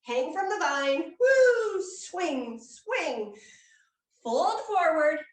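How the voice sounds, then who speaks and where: In an indoor hall at a public fair, a woman yoga instructor leads a playful, encouraging children's yoga class, letting out cheery whoops. Her high voice has lively intonation and moves very slowly. The room is echoey, and she sounds far from the mic.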